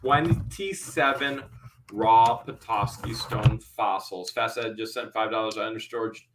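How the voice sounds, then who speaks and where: A man hosting a live-stream auction, calling out bids quickly and then chatting and explaining the items. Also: on the low side, background noise. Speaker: host.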